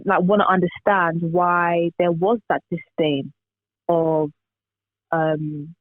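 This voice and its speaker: A man's voice: a little high, flat delivery, slow pace, dry recording. A man chatting casually on a podcast, rambling with lots of fillers over a remote call. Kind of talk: casual chat. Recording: tinny remote call line.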